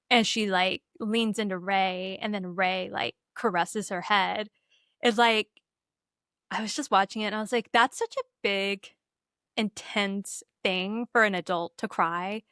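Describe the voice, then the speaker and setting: A woman's voice: medium pitch, fairly even intonation, takes it slowly, long pauses, bright, forceful tone, clean tone, dry recording, studio quality. A young woman co-hosting a podcast, chatting casually and animatedly about a film and acting out the characters' lines. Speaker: podcast co-host. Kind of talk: casual chat recapping a movie.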